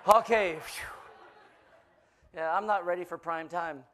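A man in his fifties, a guest pastor giving a joke-filled sermon and teasing the crowd as a playful, animated storyteller. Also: sits high, measured pace, gravelly, long pauses.

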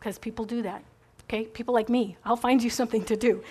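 A woman's voice: on the high side, steady tone, fast, darkish tone, husky. A middle-aged woman giving a chatty, rambling faith talk to a group, encouraging and full of asides.

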